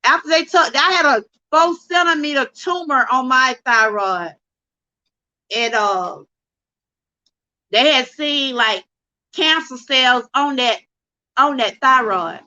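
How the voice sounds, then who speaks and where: Fervent high-voiced woman. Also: takes it slowly, pauses often, sharp tone, muffled recording. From Georgia, USA. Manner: fervent, preacher-like, addresses viewers as y'all. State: emotional, near tears. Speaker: livestream host. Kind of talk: emotional testimony livestream.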